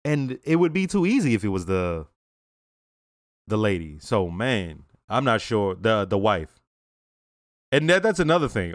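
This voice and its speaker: A young man talks through a TV episode he just watched, blunt and profane. His pitch swings widely as he acts out the characters in quick asides. The sound is close and dry, with no room echo. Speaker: reaction channel host. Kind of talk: casual review after watching an episode.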